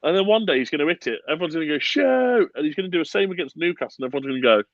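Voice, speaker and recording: A man hosting a casual football podcast, animated and swearing freely, with bursts of laughter. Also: on the high side, very fast, no room sound, dull audio. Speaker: podcast host.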